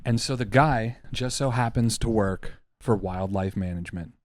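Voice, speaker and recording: Loud, profane young man telling a theory. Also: fairly low pitch, normal speed. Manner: animated, profane, mock-conspiratorial storytelling. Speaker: podcast co-host. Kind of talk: casual comedic chat.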